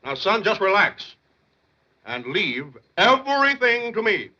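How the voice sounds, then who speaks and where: A blustering middle-aged father barks orders and bellows across the house. His voice sits high and swings widely in pitch. The old soundtrack sounds dull and lo-fi. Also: very animated, a little slow, exaggerated voice. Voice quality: loud, blustering and bossy. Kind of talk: 1950s film comedy acting. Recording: lo-fi 1950s film soundtrack.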